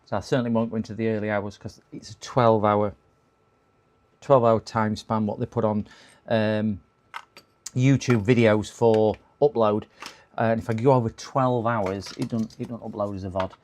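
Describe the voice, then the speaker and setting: Chatty man, hoarse. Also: on the low side, fairly even intonation, moderate pace, darkish tone, slight background noise. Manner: chatty, rambling, laughs at his own jokes. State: voice going hoarse, clearing throat. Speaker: livestream host repairing computers. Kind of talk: casual live-stream chat.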